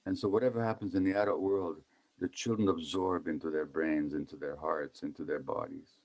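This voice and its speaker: A man's voice: very deep voice, fairly even intonation, a little fast, darkish tone. A man in his seventies, from Hungary, giving a conversational talk as a physician and asking his audience questions. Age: 70s. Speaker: physician speaker. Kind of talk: public talk on trauma.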